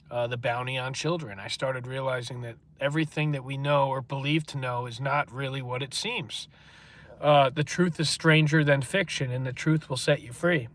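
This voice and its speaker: A man's voice: on the high side, a bit bright. A man with a stuffy nose, hosting a livestream and reading viewer comments in a rambling, earnest monologue full of filler words.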